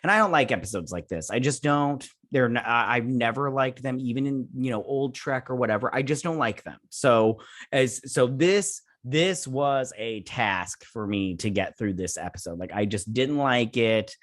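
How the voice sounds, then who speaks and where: A man's voice: mid-range voice, expressive, moderate pace, a bit bright, no echo, clean studio sound. A man hosting a casual spoken review, rambling and frustrated, with lots of restarts and fillers. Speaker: YouTube review host.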